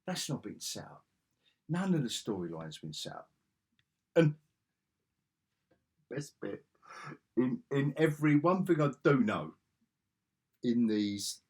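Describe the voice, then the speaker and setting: A man's voice: on the low side, darkish tone, breathy edge. A man giving a casual video review, ranting sarcastically and exasperatedly, with frequent restarts. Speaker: film reviewer.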